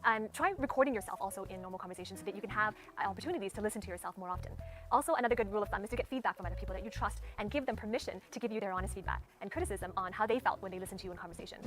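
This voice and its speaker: A woman teaches speaking skills in rapid-fire fashion, her medium-pitched voice a bit bright as she demonstrates tone and stress step by step. The lesson has clear background music underneath.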